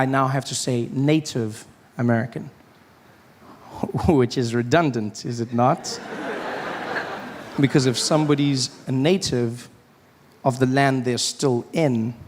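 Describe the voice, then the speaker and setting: A man performing a stand-up routine, animated and acting out other people in shifting voices. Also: medium pitch, unhurried, pauses often. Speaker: stand-up comedian. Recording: live stage with audience noise.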